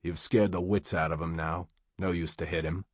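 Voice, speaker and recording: Calm big older man, quiet unhurried talk, voiced by a man, storybook reading. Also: sits low, slightly rough, no echo.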